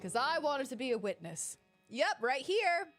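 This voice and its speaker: A woman's voice: high voice, sing-song, a little slow, a bit bright, faint music behind. A woman casually commenting through a game playthrough, chatty, giggly and self-deprecating. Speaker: gaming streamer.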